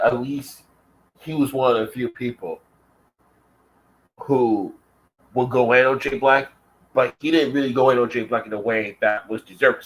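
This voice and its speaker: Medium in pitch and fairly bright, this man's voice is captured on a rough recording as he vents hotly in a casual vlog. Swearwords fly nonstop, and he repeats lines for emphasis.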